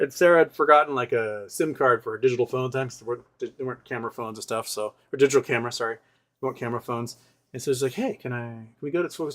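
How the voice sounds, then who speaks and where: A male host rambling through a personal story in casual talk, often acting out what other people said. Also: mid-range voice. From Seattle area. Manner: rambling, animated retelling with quoted voices.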